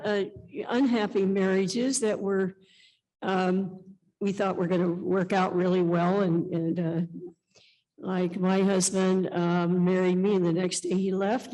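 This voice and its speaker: A woman's voice: medium pitch, a little slow, low-quality recording. A woman in her seventies, a guest at a conference interview, telling stories at length and acting out what people said. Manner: animated storytelling, acts out quoted speech.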